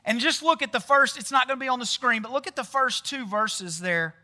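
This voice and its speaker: Guy giving a laid back sermon, super high pitched, keeps asking the crowd questions and saying right?. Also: a little fast, bright, forceful tone. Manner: quizzes the audience with questions; chatty, often tags lines with "right?". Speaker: pastor. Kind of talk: casual sermon.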